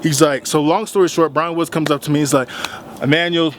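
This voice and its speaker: A young man tells a story straight to his audience in a casual vlog, talking in a slightly high voice. He gets animated as he retells the argument, and the heat builds as he goes. A faint hiss sits behind him. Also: fairly quick. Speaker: vlogger.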